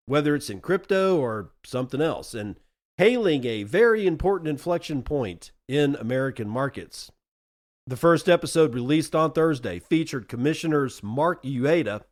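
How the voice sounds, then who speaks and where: A male podcast host reads news pieces aloud in a slightly high-pitched voice. Every so often he breaks off to add a sarcastic remark of his own before going back to the text. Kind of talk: reading and commenting on news.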